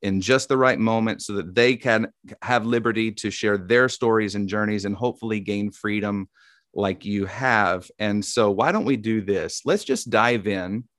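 A man's voice: on the low side, normal speed, fairly bright tone, no room sound, studio quality. A man from Tennessee with a Southern accent hosting a faith interview, encouraging and dropping in amens with a preacher's cadence. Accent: Southern American. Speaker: host.

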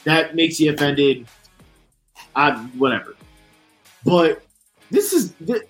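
Young guy on a sports podcast going off, swearing nonstop, kinda high voice, music under it. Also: big pitch swings, slow, pauses often, a bit bright, poor audio. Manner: heated, profane, rambling with restarts. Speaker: podcast co-host. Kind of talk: casual sports rant.

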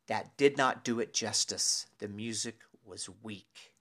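A man's voice: fairly low pitch, slow, sharp tone. A man voicing his neighbor, a friend who chooses his words carefully and hesitantly. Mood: measured critique. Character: cautious, candid male friend and neighbor.

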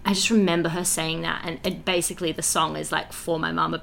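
Animated young woman. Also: low voice, a little fast, vocal fry. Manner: animated and heartfelt, many "like" fillers. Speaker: musical theatre writer and performer. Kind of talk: casual interview chat.

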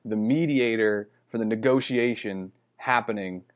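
A man's voice: lowish voice, measured pace. Rambling man telling a story, lo-fi. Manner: rambling, self-correcting, chuckles often. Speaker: podcast host. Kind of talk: casual storytelling.

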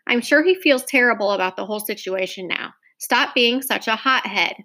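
A woman's voice: a little high, normal speed, sharp tone. A woman reading a mother's lines in a storybook, firm and coaxing with her daughter. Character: mother, middle-aged woman, lively and stern.

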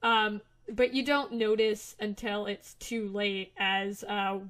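A woman's voice: mid-range voice, flat delivery, slow pace, a bit bright. A young woman running a tabletop game as game master, narrating with frequent fillers and restarts. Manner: hesitant, lots of fillers and restarts.

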